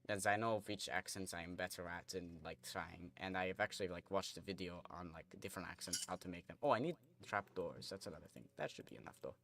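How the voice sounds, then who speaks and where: A man's voice: low-pitched, fast talker, gravelly, few pauses, a bit bright. A young man streaming a game, chatting casually and rambling while he reads chat and plays.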